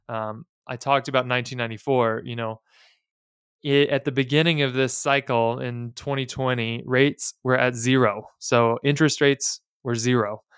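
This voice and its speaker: A man in his thirties hosts a casual finance podcast, candid and plainspoken with offhand asides. His medium-pitched voice is strikingly smooth and resonant, a bit bright, and the recording is dry and close with no room sound.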